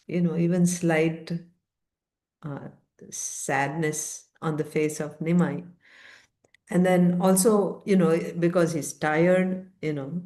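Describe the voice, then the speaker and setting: Low-voiced woman teaching a scripture story. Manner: explains as she goes, checking in with "right?" and laughing softly. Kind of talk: devotional storytelling lesson.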